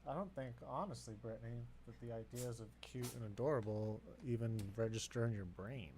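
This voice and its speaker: Man, mid-pitch, loose sweary gameplay chatter at his desk, faint hiss behind. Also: brisk, a little mellow. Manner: rambling, profane, talks to himself and his dog. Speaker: gameplay video creator. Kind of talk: casual gameplay commentary. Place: home desk.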